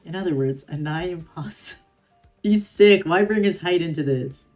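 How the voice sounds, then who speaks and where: A woman's voice: on the low side, normal speed, darkish tone, soft background music. A young woman streamer reading a game story aloud with giggly, chatty reactions.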